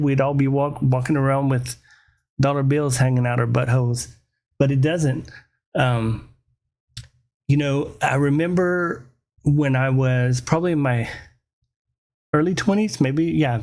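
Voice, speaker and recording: A fairly high-pitched man in his forties tells a long comedic story to the camera. He rambles and swears freely, and keeps the tone loose and animated as he hosts his own rant show. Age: 40s. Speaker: host.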